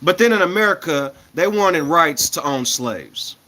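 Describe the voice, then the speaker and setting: A man in his thirties holds forth to his livestream viewers in a loose, rambling way, hopping between thoughts. His voice sits a little high and sounds bright and forceful. He chuckles often and swings between loud bursts and quiet, mumbled asides. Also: animated, unhurried. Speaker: livestreamer talking to chat. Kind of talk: casual rambling livestream chat.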